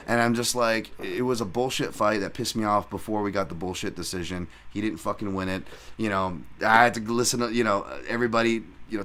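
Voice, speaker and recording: A man hosting a solo podcast who talks in rambling, profane, animated rants. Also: fairly low pitch. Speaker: podcast host and fight analyst.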